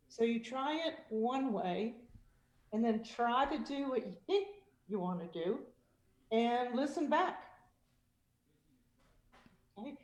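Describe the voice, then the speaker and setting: A woman vocal coach giving a lively demonstration of singing technique on a video call, breaking into short sung exercises and laughing often. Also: fairly high pitch, echoey room. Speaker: vocal coach and guest speaker. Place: virtual meeting.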